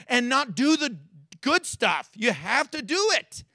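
A man preaching a sermon as a pastor in a church, animated and acting out quotes with big swings in his voice. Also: extremely high pitch, measured pace, no echo, studio quality.

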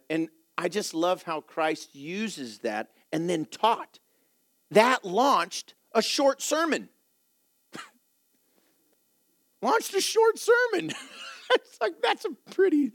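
Lively male Bible teacher with a high, dry voice who jokes at his own expense. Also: no room sound. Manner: animated, laughs often, self-deprecating. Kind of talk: sermon-style Bible teaching with slides.

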